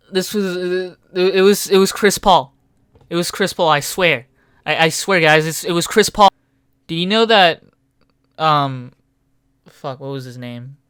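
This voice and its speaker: A young man in a small room at home, rattling off crude meme lines in a rambling voice test, swinging between mumbling and yelling. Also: on the high side, clean tone, no room sound, clean studio sound. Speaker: creator reciting meme quotes.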